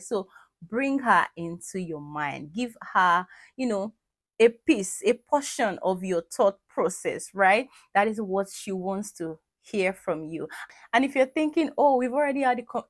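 A woman hosting an advice talk who teases gently, repeats phrases for emphasis and laughs at her own jokes. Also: lowish voice, no room sound. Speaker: podcast host giving marriage advice. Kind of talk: conversational faith-based advice talk.

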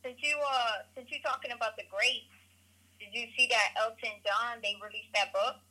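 A woman's voice: on the high side, fairly even intonation, normal speed, pushed and bright. A woman guest on a podcast, chatting casually and laughing easily. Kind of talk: casual chat. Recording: tinny phone line.

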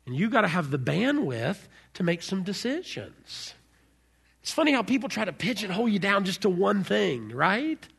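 A man preaching a sermon as pastor, animated, swinging from soft to loud. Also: high-pitched, moderate pace, creaky, breathy edge.

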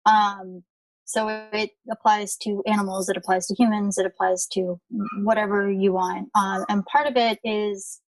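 A woman explains suggestions in a helpful way, pausing on fillers. She is heard from some distance in a dry room. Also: mid-range voice, little pitch movement, no echo. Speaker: group participant, end-of-life doula trainee. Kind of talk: casual support-group sharing.

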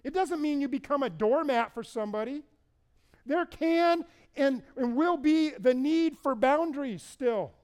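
A man's voice: very high voice, animated, unhurried, a little mellow. A middle-aged male pastor preaching a sermon in a conversational, storytelling way, repeating words for stress.

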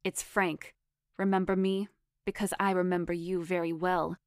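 A woman's voice: lowish voice, flat delivery, moderate pace, clean tone, no echo, clean studio sound, close to an everyday voice. A woman doing a threatening gangster man. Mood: menacing. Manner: threatening, sneering. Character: menacing adult male gangster.

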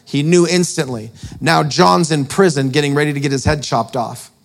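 A male preacher with a slightly high voice gives a storytelling sermon. His delivery is chatty and self-mocking, and he often laughs at himself between points. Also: normal speed, creaky. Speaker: preacher and author.

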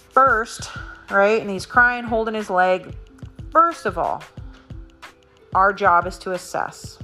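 A woman's voice: mid-range voice, pushed and bright. Earnest woman instructor explaining a protocol. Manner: earnest, explanatory, talks through scenarios. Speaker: martial arts academy instructor.

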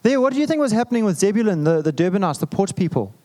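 A male pastor delivers a sermon in a relaxed, chatty way. He jokes and makes asides to the listeners, and his voice sits a little high for a man. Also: rapid-fire. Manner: conversational, humorous preaching with asides.

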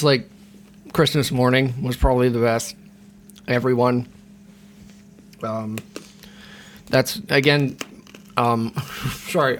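A man's voice: mid-range voice, a little hiss or hum. A young man hosting a podcast who rambles casually, swears freely and fills his talk with ums. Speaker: podcast host.

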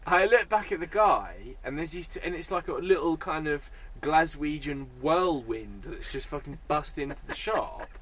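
A man co-hosting a podcast, telling a comic story in a lively, sweary, casual way and laughing as he goes. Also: on the high side, breathy edge. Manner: animated, sweary, quick to laugh. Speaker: podcast co-host.

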